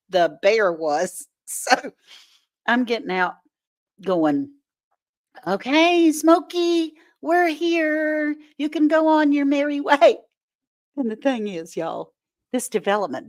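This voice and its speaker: A woman hosting a casual live stream, telling animated stories in folksy words and laughing often as she greets viewers. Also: fairly low pitch. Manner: folksy, homespun talk.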